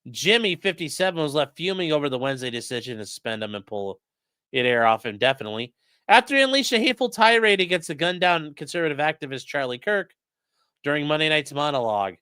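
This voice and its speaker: A man's voice: on the high side, sing-song, fast, sharp tone, smooth, dry recording. A man commentating on news in a casual live stream, crude and mocking, reading chat messages aloud.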